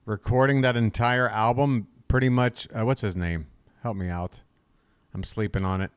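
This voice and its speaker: A man's voice: on the low side, normal speed, smooth, no echo, studio quality. A man doing casual live-stream baseball commentary, rambling and crude, talking to himself between plays.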